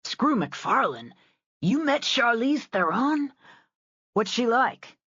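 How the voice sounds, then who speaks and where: A woman reading a rowdy, excitable young cowboy who shouts his questions. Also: mid-range voice, moderate pace, breathy edge, dry recording, dull audio, voice pushed up. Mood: excited. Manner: excitable, loud exclamations. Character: boisterous young cowboy man.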